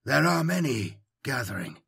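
A man voicing a towering warlord who speaks in a soft, thin voice with calm, unwavering conviction, in an audiobook. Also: medium pitch, normal speed, gravelly, husky, dry recording, clean studio sound, heavily acted. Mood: persuasive. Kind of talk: audiobook character voice.

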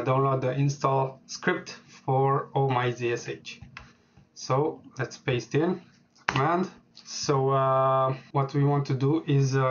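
A man walking through a software setup on screen, speaking hesitantly with many filler words as he types. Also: medium pitch, muffled recording, a little hiss or hum. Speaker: programming tutorial host. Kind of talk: screen-recorded software tutorial.

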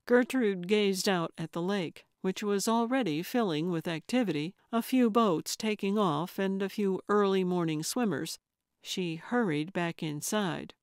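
A woman narrating a cozy mystery audiobook in a measured, even storytelling voice. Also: medium pitch, no echo. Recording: dry close studio recording.

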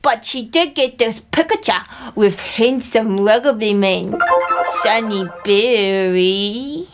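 A woman voicing a naive, excitable female Yeti from the Himalayas who hosts a comedy show in broken English. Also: a little high, takes it slowly, music in the background. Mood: chatty. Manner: broken English, refers to herself in third person. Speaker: host. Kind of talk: comedy sketch show hosting.

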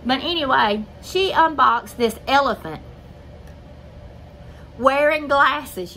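A woman's voice: a little high, a little slow, bright, forceful tone, slight background noise, poor audio. An older woman, chatting casually to her viewers as a craft video host, rambling and calling them y'all. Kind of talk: casual chat.

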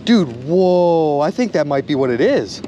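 An excitable man talks straight to the camera as he fishes outdoors, his voice jumping all over the place with every exclamation. Faint traffic hums behind him. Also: a little high, measured pace. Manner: excitable, exclamatory, addresses viewers directly. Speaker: magnet fishing vlogger. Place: outdoors by water.

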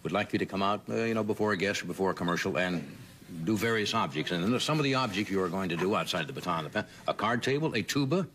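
A man's voice: sits low, expressive, fast, a bit bright, a little hiss or hum. A man hosting a late-night talk show in easygoing, amused banter before a studio audience.

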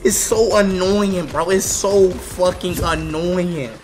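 A man's voice: high voice, steady tone, takes it slowly, a little hiss or hum. Frustrated young man streaming a game. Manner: loud, frustrated, swearing, swinging from mutters to shouts. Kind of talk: live gaming stream.

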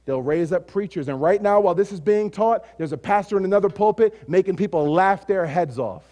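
A man preaching a sermon as pastor. He rises to loud, emphatic declarations, drops to quiet, low asides, and repeats phrases in rhythmic runs. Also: lively intonation, brisk.

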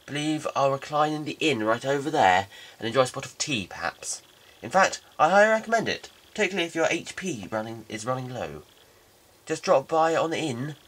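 A man doing a pompous, stuffy old-fashioned gentleman who talks slowly and formally, in a game let's play. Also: medium pitch, sing-song. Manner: pompous, slow, drawn-out speech.

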